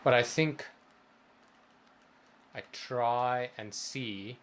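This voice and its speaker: A man's voice: mid-range voice, very slow, slight background noise. A man co-hosting a gaming livestream, talking in a thoughtful, rambling way that is full of restarts. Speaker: co-host of a gaming stream. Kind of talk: casual chat.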